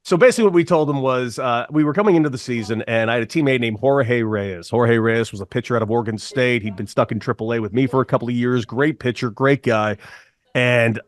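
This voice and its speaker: A man's voice: medium pitch, quick pace. A man in his thirties, a former ballplayer, telling a long story casually on a podcast and slipping into voices for quotes. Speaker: podcast guest, former baseball player.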